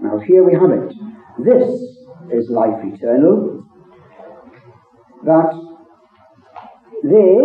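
A man in a devotional Bible discussion, expounding scripture in a measured, deliberate way. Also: medium pitch, lively intonation. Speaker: participant in a Bible reading meeting. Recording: echoey, phone-like sound.

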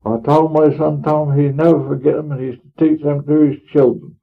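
With a flat delivery, moderate pace, and slightly high pitch touched by vocal fry, a man plays an old, devout country farmer speaking rural Norfolk dialect. The plain-spoken character rambles earnestly and homely through a dramatic monologue reading, heard on a tinny, phone-like old recording.

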